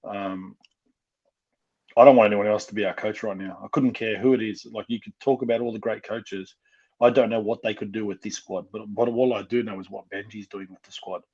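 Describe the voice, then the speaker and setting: An Australian man talks on a casual fan podcast, his husky voice full of passion as he gets worked up. The recording sounds dull and lo-fi. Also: lowish voice, fairly even intonation, brisk, darkish tone. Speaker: podcast co-host, fan guest.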